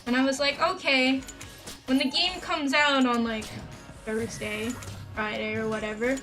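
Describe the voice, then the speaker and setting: A woman's voice: high voice, fairly even intonation, unhurried, pushed and bright. A woman streaming a game, chatting casually and sarcastically with viewers, rambling between stories and sounding a little worn out. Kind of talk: casual gameplay commentary. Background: background game music.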